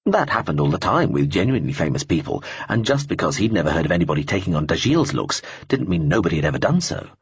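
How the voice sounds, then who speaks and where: A man reading a science-fiction audiobook in an expressive storytelling manner, in a dull lo-fi recording. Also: sits low, fast, few pauses, husky, no echo. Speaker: audiobook narrator. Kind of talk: scripted narration.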